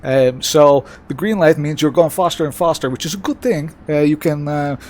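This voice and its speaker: A man's voice: fairly high pitch, moderate pace, lightly acted. A man putting on a Dutch accent to play a sarcastic mock presenter of a gadget, with a smug salesman tone and many hesitations. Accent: put-on Dutch. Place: home sim-racing setup.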